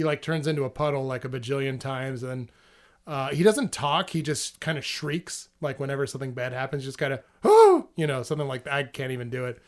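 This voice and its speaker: A man co-hosting a podcast in casual chat, animated and retelling scenes with quick character voices. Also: mid-range voice. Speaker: podcast co-host.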